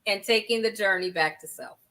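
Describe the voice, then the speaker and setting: A woman's voice: medium pitch, brisk, pushed and bright. A woman guest author on a video call, earnest and grateful, close to tears with thanks. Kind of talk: casual interview chat.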